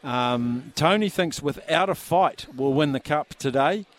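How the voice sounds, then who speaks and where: A man with a New Zealand accent hosting a live radio show, brisk and jokey as he reads out listener texts. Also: a little high, expressive. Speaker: radio host.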